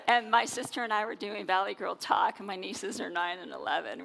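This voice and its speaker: A woman minister leading a church service, chatty and quick to laugh as she guides prayers and the offering. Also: mid-range voice, creaky, a bit bright, slight background noise. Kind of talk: church service talk and affirmation.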